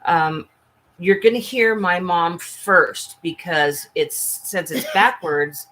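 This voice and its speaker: A woman hosting a casual livestream chat, talking earnestly and haltingly with frequent restarts. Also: lowish voice, a bit bright. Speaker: livestream host.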